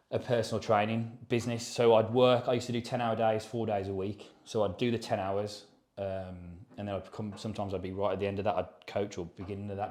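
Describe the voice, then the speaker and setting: A man in his thirties co-hosts a podcast, rambling loosely through his story in a casual, sweary, matter-of-fact chat. His voice is fairly low with a darkish tone, recorded in an echoey room.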